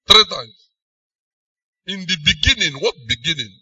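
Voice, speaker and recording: A man with a Nigerian accent preaching a sermon, emphatic, swinging between loud and soft phrases. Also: on the high side, lively intonation, a little slow, pauses often, no echo, distant mic.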